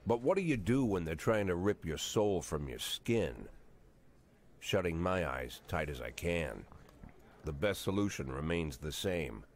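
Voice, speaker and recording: An actor playing a weary, brooding male police chief, narrating in noir voice-over with a gruff, world-weary delivery. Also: sits low, expressive, measured pace, heavily acted.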